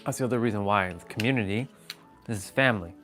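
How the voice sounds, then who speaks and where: A man's voice: on the low side, fast talker, bright, forceful tone, soft background music. A man chatting casually on a live stream from his phone at home, rambling and greeting viewers by name. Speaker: vlogger. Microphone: phone on gimbal.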